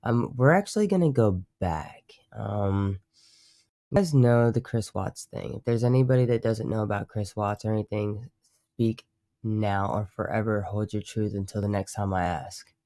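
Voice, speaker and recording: With a fairly low, dark voice at normal speed, a man hosting a live stream chats in a meandering, foul-mouthed way and keeps correcting himself mid-thought. The audio is studio quality with no echo.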